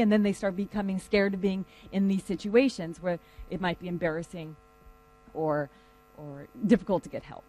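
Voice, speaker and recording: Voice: medium pitch, a little fast, poor audio. Conversational lecturer, loose and chatty, talking to a class. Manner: conversational, lively storytelling.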